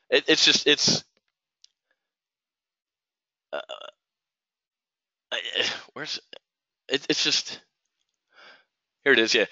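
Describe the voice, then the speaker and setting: A man's voice: medium pitch, normal speed, pauses often, bright, forceful tone, no room sound. A middle-aged man hosting a live trading stream, ranting heatedly and stumbling over his words as he goes. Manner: heated, ranting, full of restarts. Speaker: host of a live trading show. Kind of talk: casual live stream rant. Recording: dull, dry lo-fi stream audio.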